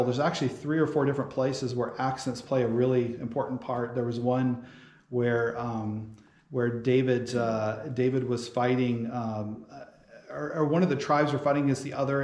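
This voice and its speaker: A man's voice: mid-range voice, a little mellow. A man teaching a casual Bible study sermon in a church, rambling with many fillers and restarts. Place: church hall. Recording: roomy church hall sound.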